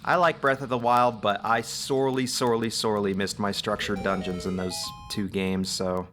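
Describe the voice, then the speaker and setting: Chatty low-voiced man narrating gameplay. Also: little pitch movement, moderate pace, music in the background. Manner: chatty, upbeat, self-deprecating. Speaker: let's play host. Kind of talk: casual gameplay commentary.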